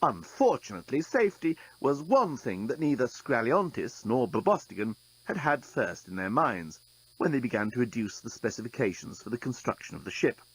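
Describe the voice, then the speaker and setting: A man's voice: medium pitch, big pitch swings, moderate pace, a bit bright, breathy edge, rough recording. A man narrating an audiobook in a dry, wry storytelling manner.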